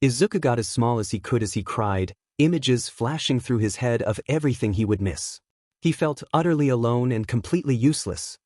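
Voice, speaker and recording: A man narrating a fan fiction story, steady and expressive. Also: mid-range voice, a little fast, dry recording, studio quality. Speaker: fanfic narrator. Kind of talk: story reading.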